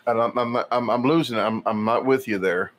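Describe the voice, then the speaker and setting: A man hosting a casual livestream, rambling and chatty as he reads viewer comments aloud, filling pauses with lots of fillers and restarts. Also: medium pitch, a bit bright. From United States. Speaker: livestream host. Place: indoors at a hobby shop.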